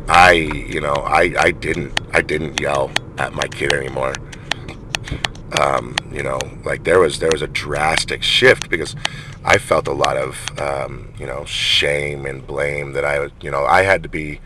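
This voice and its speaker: A man's voice: very deep voice, noisy background. A middle-aged man telling a personal story in a rambling vlog monologue, full of restarts and fillers. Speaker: vlogger.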